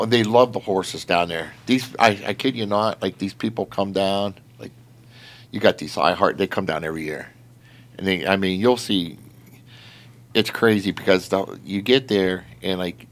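Guy with a low gravelly voice telling a long rambling story, lots of likes and ums. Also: moderate pace. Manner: rambling, heavy use of filler words; animated, laughing while telling. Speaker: storyteller recounting patrol work. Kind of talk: casual storytelling chat.

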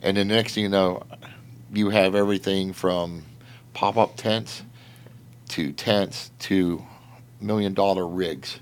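A man's voice: deep voice, slow pace, long pauses, clear, resonant tone. A man telling a story in casual chat, rambling with lots of filler words and laughing as he goes. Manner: animated, laughing while telling. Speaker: storyteller recounting patrol work.

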